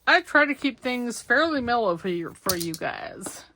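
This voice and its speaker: Her voice sits fairly high and sing-song, pushed and bright, at a normal speed, with slight background noise. She's a middle-aged craft channel host who chats casually as she cuts, sews and inks, poking fun at herself and talking to herself as she goes.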